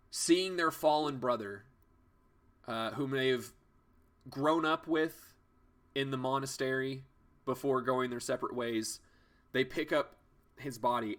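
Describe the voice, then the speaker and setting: A man's voice: mid-range voice, pushed and bright. A young man narrating as game master of a tabletop game, hesitant with many fillers and restarts.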